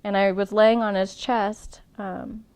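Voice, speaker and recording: A woman's voice: medium pitch, level tone, slow pace, a little mellow, clear, resonant tone. A young woman casually telling the story of her proposal in an interview, chatty, with frequent ums and restarts.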